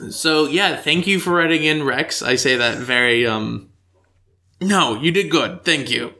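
A man's voice: on the high side, expressive, pushed and bright. A young man hosting a podcast in casual chat, upbeat and teasing. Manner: upbeat, teasing, quick to laugh. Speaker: podcast host.

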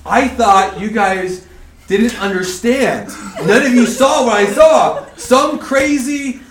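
A man acting out a panicked young man who shouts in terror about an intruder. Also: high-pitched, very animated, fairly quick, reverberant, a little hiss or hum, voice pushed up, exaggerated voice, poor audio. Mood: terrified.

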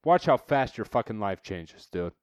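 A man's voice: lowish voice, sing-song, normal speed, clear, resonant tone, dry recording, highs cut off. A man hosting a podcast, delivering a profane, fired-up motivational rant, blunt and swearing constantly as he calls listeners dude. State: worked up and irritated. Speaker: podcast host.

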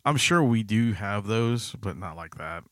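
A man's voice: on the low side, expressive, unhurried, fairly bright tone, dry recording, studio quality. A man hosting a podcast in casual chat, rambling and hesitant with lots of fillers and cursing. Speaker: podcast host.

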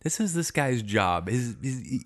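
A man's voice: medium pitch, sing-song, a little slow, a bit bright. A man co-hosting a casual chat, telling a rambling story with lots of restarts and fillers. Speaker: podcast co-host.

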